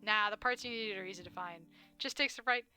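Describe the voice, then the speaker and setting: A woman doing Stan, a gruff old con man. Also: mid-range voice, brisk, bright, forceful tone, soft background music. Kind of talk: voiced visual novel reading.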